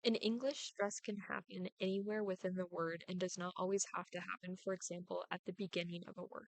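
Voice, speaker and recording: A young woman, a student, reading her prepared class presentation aloud, deliberately overemphasizing stressed syllables in her examples. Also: lowish voice, steady tone, vocal fry, no room sound, low-quality recording.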